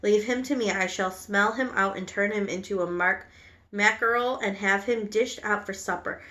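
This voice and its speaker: A woman's voice: mid-range voice, moderate pace, bright, forceful tone, natural voice. A woman reading as a commanding witch queen. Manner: barking orders in short commands. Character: commanding, menacing female witch leader.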